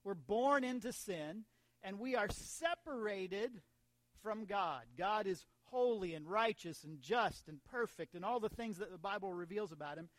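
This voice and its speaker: High-voiced American man preaching. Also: lively intonation, unhurried, no echo. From United States. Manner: conversational preaching with asides and humor. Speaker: pastor. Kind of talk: sermon.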